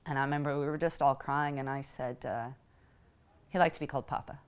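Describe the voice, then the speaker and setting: A woman telling a personal story in a reflective, emotional way, pausing often as she speaks. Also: a bass voice, steady tone, clean tone. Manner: reflective and emotional, halting with pauses. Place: Houston.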